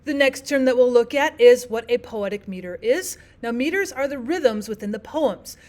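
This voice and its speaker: A woman teaching a recorded lesson, explaining terms step by step in a clear, methodical way and repeating the key points. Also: fairly high pitch, expressive, moderate pace, darkish tone.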